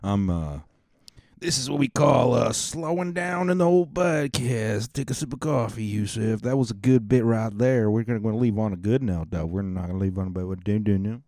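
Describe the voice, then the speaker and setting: Deep-voiced rambling podcast host. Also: male voice, moderate pace, gravelly, darkish tone, no echo, clean studio sound. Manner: rambling, offhand. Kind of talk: casual solo podcast.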